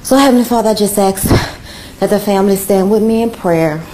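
A woman's voice: medium pitch, fairly quick, mellow, a little hiss or hum. Fervent praying woman. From New Orleans. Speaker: caller. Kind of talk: call-in spoken prayer.

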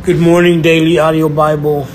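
A man's voice: on the high side, little pitch movement, normal speed, a little mellow. Reverent Texas man on a noisy line. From Fort Worth, Texas. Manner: formal, reverent opening. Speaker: caller. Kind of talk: call-in prayer request. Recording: noisy distant phone call, vehicle hum.

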